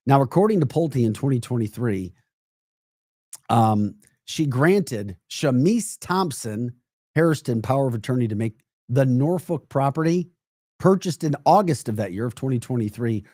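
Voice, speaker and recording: A man's voice: mid-range voice, expressive, normal speed, mellow, no echo, studio quality. A man hosting a live political podcast, emphatic and mocking, often breaking into laughter while reacting to chat comments. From United States. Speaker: podcast host.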